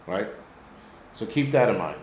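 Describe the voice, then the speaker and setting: A fairly low, somewhat mellow male voice, very animated yet measured in pace, hosts a live-stream commentary in a New York accent. He's blunt and profane, rambling through his rant, while the audio carries reverb and a faint hiss or hum.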